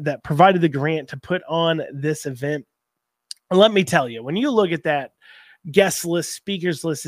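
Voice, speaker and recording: A man hosting a political talk show, rambling and folksy, a little hoarse from a cold. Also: on the high side, dry recording, clean studio sound. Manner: rambling, folksy, repeats himself. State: has a cold, slightly hoarse. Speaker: host.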